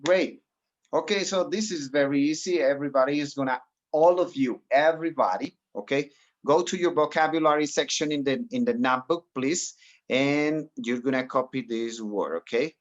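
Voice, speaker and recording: Encouraging teacher on a video call. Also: male voice, fairly high pitch, moderate pace, highs cut off. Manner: encouraging, mixes in Spanish explanations. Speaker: English teacher. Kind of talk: online class instruction.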